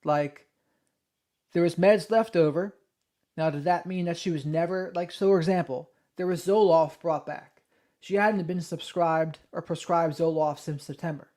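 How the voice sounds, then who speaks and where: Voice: mid-range voice, moderate pace, mellow. A true crime livestream host, conversational and thinking aloud, who reads out a call transcript and then comments on it.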